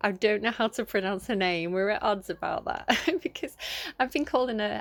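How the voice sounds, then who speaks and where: A woman's voice: medium pitch, normal speed. A woman giving a casual tarot reading into her phone, talking in a chatty, rambling way with plenty of fillers. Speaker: tarot reader.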